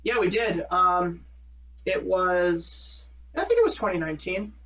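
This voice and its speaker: A man's voice: high voice, expressive, measured pace, a bit bright, recorded from a distance. Man from Minnesota, podcast co-host, rambling casual chat, self-correcting, set back from a dull-sounding mic. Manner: rambling, self-correcting, laughs at own jokes.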